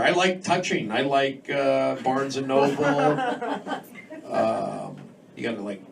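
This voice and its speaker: A man's voice: mid-range voice, slow pace, gravelly. An American man doing a live stand-up set in a comedy club, rambling and jumping between thoughts as he talks straight to the crowd. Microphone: handheld mic, recorded from a distance. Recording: distant, very noisy live club recording. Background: audience laughter.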